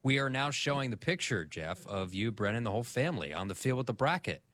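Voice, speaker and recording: A man's voice: mid-range voice, sing-song, fast talker, a bit bright. A man co-hosting a sports radio show in casual chat, joking and bantering.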